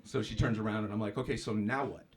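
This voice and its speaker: A male stand-up comedian doing a profane, brash set on stage, jumping into loud mocking voices for punchlines. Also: fairly low pitch, fairly even intonation, fast talker, a crowd in the background. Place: comedy club stage with live audience. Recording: live club recording with audience noise.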